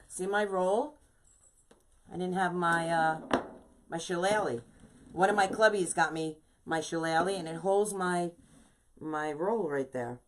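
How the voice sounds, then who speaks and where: In a rough recording with a bit of hiss or hum, a woman with a New York accent and a lowish voice hosts a live wreath-making stream as a craft shop owner. She chats casually with viewers through the tutorial, sprinkling "you know" throughout.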